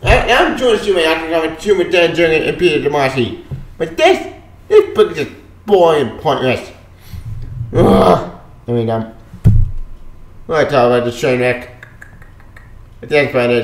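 A man reviewing a comic book in a frustrated, exasperated rant, breaking into sudden loud outbursts. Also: medium pitch. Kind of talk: ranting video review. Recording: echoey room.

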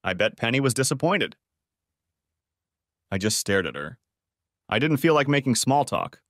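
A man's voice: mid-range voice, sing-song, normal speed, no echo, clean studio sound. A man narrating a first-person audiobook story in a dramatic, emotive reading.

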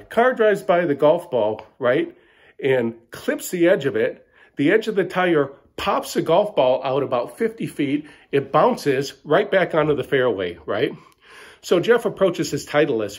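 Middle-aged man, boastful bro comic monologue, husky voice with lively swings. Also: medium pitch. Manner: boastful bro-ish, tags lines with "right?". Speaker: comedic storyteller. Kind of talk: mock-bragging comic monologue.

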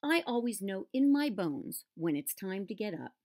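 A sleepy, stubborn male mole in a storybook who insists he is right and protests when doubted, as a woman reading aloud voices him. His speech swings between high and low notes. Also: very animated, normal speed, darkish tone.

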